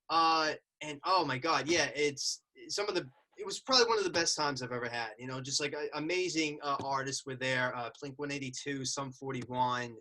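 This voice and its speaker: A man's voice: a little high, sharp tone. A man from the United States, a podcast host chatting with enthusiasm and slang. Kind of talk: casual podcast chat.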